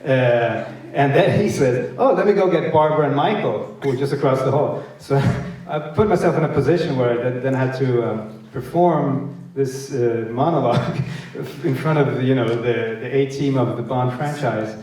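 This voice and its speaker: A man's voice: mid-range voice, moderate pace, hardly any pauses, a little mellow. A man, an actor, telling anecdotes on stage in a rambling, hesitant way and laughing often. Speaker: actor guest. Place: festival stage event. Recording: echoey hall, distant mic.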